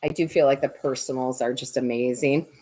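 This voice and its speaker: Woman, low voice, tarot reader, casual livestream chat, jokey, reads comments aloud. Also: fairly even intonation, fairly quick, dark tone.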